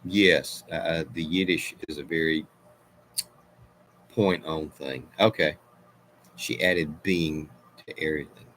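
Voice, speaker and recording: A middle-aged man chats with his livestream viewers in a deep, low voice. He takes his time and drifts from one tangent to the next, often stopping and restarting his sentences. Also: steady tone, slow pace, long pauses, fairly bright tone, slight background noise. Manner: rambling, meandering, self-interrupting. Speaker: livestream host. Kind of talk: casual live chat reading viewer comments.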